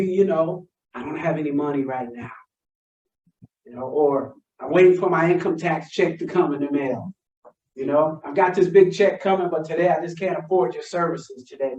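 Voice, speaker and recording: A man giving a sales training talk, telling stories and acting out both sides of his phone calls in an animated way. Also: a little high. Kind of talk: motivational storytelling talk. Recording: roomy, distant, slightly dull sound.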